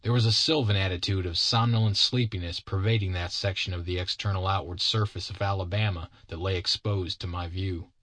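Brief: male storyteller, low voice, dry close sound, wry mock-grand reading. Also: steady tone, brisk, hardly any pauses, fairly bright tone, dry recording. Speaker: narrator.

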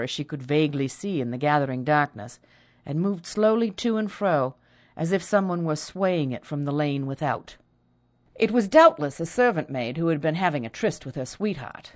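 A woman narrating a period story as an audiobook, reading expressively. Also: low voice. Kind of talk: scripted narration.

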